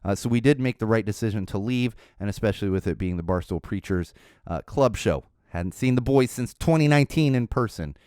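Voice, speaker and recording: Smooth-voiced man telling a rambling story. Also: lowish voice, expressive, a little fast, mellow, dry recording, clean studio sound. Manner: rambling, with many fillers and restarts. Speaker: podcast host. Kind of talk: casual storytelling.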